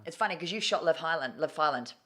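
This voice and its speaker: A woman's voice: low-pitched, expressive, quick pace, pushed and bright. A woman, telling her story candidly and emotionally as a guest in an interview, swearing casually.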